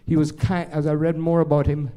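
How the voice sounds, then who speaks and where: This older jazz pianist with a Jamaican accent has a slightly high, clean-toned voice and talks a little fast. Storytelling onstage for a live crowd, he rambles through lively anecdotes with many restarts.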